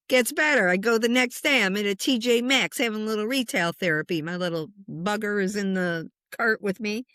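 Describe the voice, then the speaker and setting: A middle-aged woman, a spiritual medium, telling a personal story in conversation with lots of lively swings and chuckles. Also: medium pitch, fast, no echo, clean studio sound. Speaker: spiritual medium and meditation teacher.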